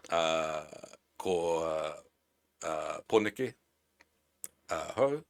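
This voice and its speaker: A man's voice: low voice, very animated, extremely slow, pauses often. A man from New Zealand with a Kiwi accent, chatting playfully as a game streamer on a live stream. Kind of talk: casual live-stream chat.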